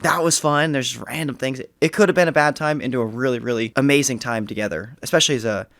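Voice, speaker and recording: A young man, a graduating high school senior, talking earnestly and reflectively in a casual podcast interview. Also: quick pace, gravelly, a bit bright, no echo, studio quality. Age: young adult. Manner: earnest, reflective, some restarts.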